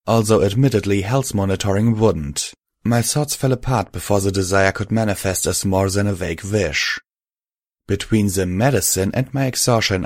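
Low-voiced man narrating a story. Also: dry recording, clean studio sound. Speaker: audiobook narrator. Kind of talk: scripted fiction narration.

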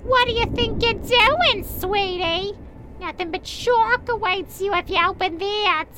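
A woman voicing an eerie ghostly woman who taunts in a high, sing-song, distant voice. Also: measured pace, noisy background. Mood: taunting.

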